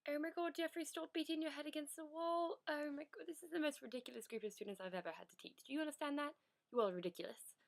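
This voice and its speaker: A woman's voice: high voice, fast talker, gravelly. A teenage woman playing a teacher in a school project skit, lecturing in an exasperated way. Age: teens.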